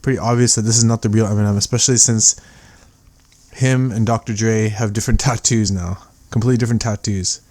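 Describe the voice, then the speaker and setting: A man's voice: on the low side, fairly even intonation, quick pace, darkish tone, dry recording. A man giving rambling casual commentary over video clips, full of fillers and restarts.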